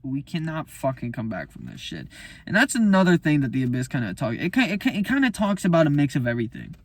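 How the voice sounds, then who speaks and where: A man with a somewhat high voice delivers a casual, unscripted monologue as a musician talking about his album. He rants in a profane, heated way, and his pitch swings widely. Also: huge pitch swings, fast, no room sound.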